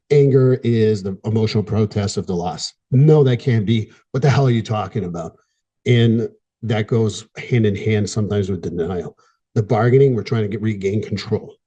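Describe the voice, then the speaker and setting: A middle-aged man, a therapist hosting a podcast, talking in an earnest, candid way with frequent pauses. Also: fairly low pitch, mellow, breathy edge. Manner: earnest, candid, pausing, gets emotional at times. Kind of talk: reflective podcast monologue.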